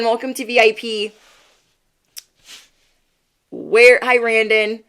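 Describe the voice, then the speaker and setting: A woman's voice: on the high side, flat delivery, slow, long pauses, fairly bright tone, clear, resonant tone. A woman doing a livestream tarot card reading. She talks straight to her viewers, playful and encouraging, and keeps checking in with them. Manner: chatty, playful, keeps asking "okay?". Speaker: tarot reader.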